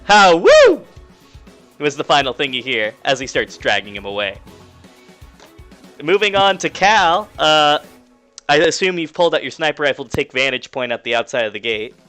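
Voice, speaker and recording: A man's voice: mid-range voice, expressive, moderate pace, pushed and bright, soft background music. A young man narrating playfully as game master of a tabletop game.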